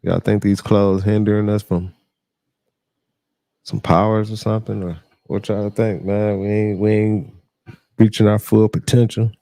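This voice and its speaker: A man chats loosely on a reaction stream, drawling through slang and filler words. His voice sits low with a gravelly fry and a dark, mellow tone. The sound is dry and close. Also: little pitch movement, a little slow, dry recording. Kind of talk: casual livestream reaction talk.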